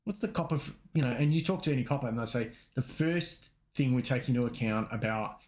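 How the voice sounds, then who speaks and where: A man's voice: medium pitch, fast. An Australian man co-hosting a casual podcast, telling rambling anecdotes and acting out quoted voices. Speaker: podcast co-host. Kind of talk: casual chat, storytelling.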